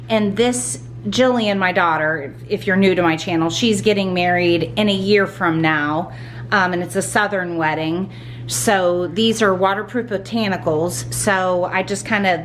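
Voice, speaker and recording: Middle-aged woman, casual decor vlog, chatty and gushing, lots of ums, faint room noise. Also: medium pitch. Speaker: home decor vlogger. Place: at home indoors.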